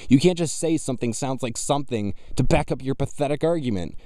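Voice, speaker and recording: Scornful man with a dry, dark voice. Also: medium pitch, lively intonation, fast talker, dry recording. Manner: scornful, argumentative. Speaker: video commentator reacting to clips. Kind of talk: mocking reaction commentary.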